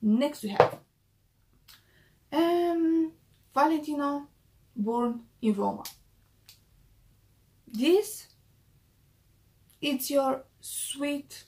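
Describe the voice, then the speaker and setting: A woman with a slightly high, gravelly voice, chatting casually to camera in a perfume review vlog. Her tone is mellow and dark, and she often repeats her main points for emphasis. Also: extremely slow, long pauses.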